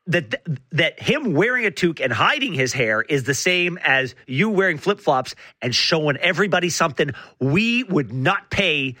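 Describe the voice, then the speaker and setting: A man's voice: on the high side, expressive, moderate pace, hardly any pauses, sharp tone, no echo. A man from Canada co-hosting a show, joking in a sarcastic, mock-serious way. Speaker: radio show co-host. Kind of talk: comedic banter.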